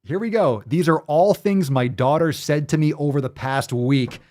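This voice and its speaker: A man's voice: fairly high pitch, normal speed, darkish tone. A man hosting a fitness show, ranting with sarcastic, profane disbelief in live-stream commentary. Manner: sarcastic, profane, incredulous rants.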